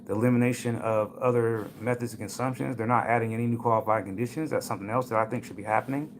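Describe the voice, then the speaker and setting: On his laid-back cannabis stream, a medium-pitched man speaks quickly and steadily, swapping stories and calling out viewers by name in casual livestream chatter. Slight background noise is present.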